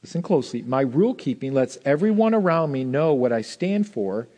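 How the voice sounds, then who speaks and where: A male pastor preaching a sermon, swinging between loud emphasis and soft asides. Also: medium pitch, sing-song, fairly quick.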